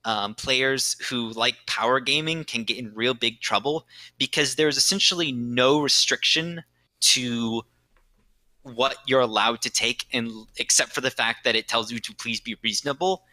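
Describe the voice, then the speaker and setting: A man walks his players through a tabletop game's rules in a relaxed podcast chat. His voice is very bright and sits close and dry on the mic, and he pads his explanations with lots of "um"s before punching a point. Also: medium pitch, moderate pace, no room sound, rough recording. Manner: explanatory, many fillers, bursts of emphasis. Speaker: game master explaining rules.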